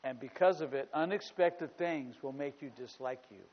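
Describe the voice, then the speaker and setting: A male pastor preaching a sermon, shifting from quiet storytelling to loud, emphatic declarations and repeating phrases for emphasis. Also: mid-range voice, normal speed. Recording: dull lo-fi recording with long hall reverb.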